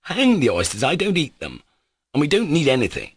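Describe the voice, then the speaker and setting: A man's voice: fairly low pitch, huge pitch swings, brisk, fairly bright tone, slightly rough, no room sound, heavily acted. A man reading an audiobook, voicing an irritable, practical young official who scolds sharply. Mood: irritated.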